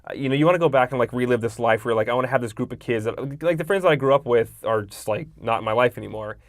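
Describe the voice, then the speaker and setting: A man's voice: medium pitch, fast talker, no room sound, studio quality. A man co-hosting a casual movie review chat, opinionated and swearing freely, often acting out characters' lines as he talks. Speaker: podcast co-host.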